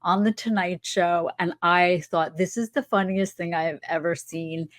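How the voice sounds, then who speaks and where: A woman in her sixties from New York, telling dry, absurd stories in a slow, soft way. Her voice sits a little low for a woman. The sound is close and dry, with no room around it. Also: steady tone, no echo. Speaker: stand-up comedian guest. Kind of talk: casual podcast chat.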